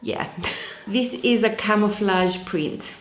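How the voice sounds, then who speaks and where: A woman's voice: medium pitch, slow, echoey room, a little hiss or hum. A woman hosting a sewing channel, chatting casually and enthusiastically about fabrics, with frequent fillers. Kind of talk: casual fabric haul chat.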